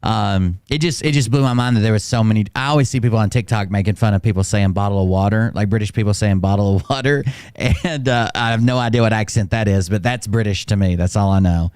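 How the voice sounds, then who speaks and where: A man from the American South hosting a casual interview, laid-back and quick to laugh, with short agreeing replies. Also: lowish voice, darkish tone, clean tone, no echo, clean studio sound. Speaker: podcast host.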